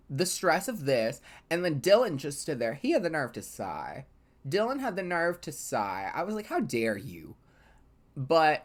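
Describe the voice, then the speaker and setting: A woman with a low voice tells the story of her game in a casual, gossipy way. Her intonation swings widely, and she fills her speech with chatty asides as she recaps the drama. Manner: chatty, gossipy, full of fillers. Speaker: gaming channel host. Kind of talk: casual storytelling over gameplay.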